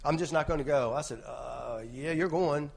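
A man's voice: on the high side, normal speed, creaky, breathy edge. A man giving an informal sermon, telling a rambling personal story with many restarts and "right?" tags. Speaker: lay preacher.

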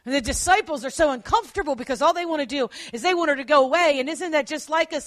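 A woman preacher giving a sermon, earnest, at times dropping to quiet emphasis and correcting herself as she goes. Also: high voice, fast, few pauses, dry recording.

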